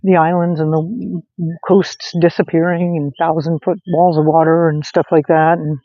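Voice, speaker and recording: A woman's voice: deep voice, level tone, normal speed, no room sound. A woman hosting a casual vlog outdoors at night, chatting in a rambling way with many fillers and restarts. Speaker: host. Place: outdoors at night under a street light. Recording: dull lo-fi sound with faint noise.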